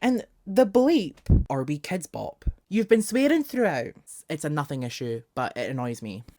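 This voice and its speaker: A man's voice: on the high side, very animated, normal speed, very noisy. A young man talking casually as a music reviewer, sarcastic and exasperated, with jokey asides. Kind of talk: casual album review vlog.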